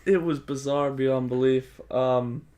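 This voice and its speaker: A man's voice: mid-range voice, takes it slowly. A young man, co-hosting a casual podcast and acting out scenes. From Wisconsin, USA. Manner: animated, quotes scenes in put-on voices. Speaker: podcast co-host.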